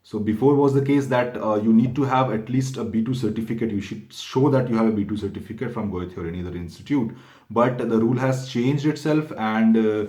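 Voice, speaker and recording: A man giving an informal, step-by-step explainer talk to viewers, halting often and correcting himself as he goes. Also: on the low side, a little mellow. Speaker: exam prep channel host. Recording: echoey room.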